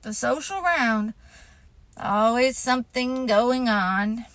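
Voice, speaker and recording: A woman's voice: on the high side, slow pace, a bit bright, no echo. A woman voicing a gloomy, self-pitying old male donkey who makes a pompous, mournful speech.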